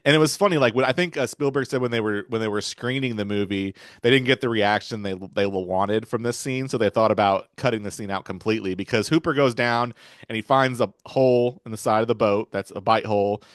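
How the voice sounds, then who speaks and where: A man's voice: on the low side, a little fast, no echo, clean studio sound. A man hosting a podcast, retelling film scenes in a rambling, casual way with chuckles. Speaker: podcast host.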